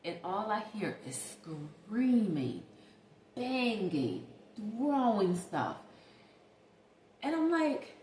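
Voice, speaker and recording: A woman tells a personal story to her viewers in a casual, emphatic vlog style. Her voice is mid-pitched and bounces around an echoey room. Faint ambient sound sits behind her. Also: big pitch swings, slow, a little mellow, slight background noise. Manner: chatty, emphatic, addresses viewers as baby and y'all. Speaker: vlogger.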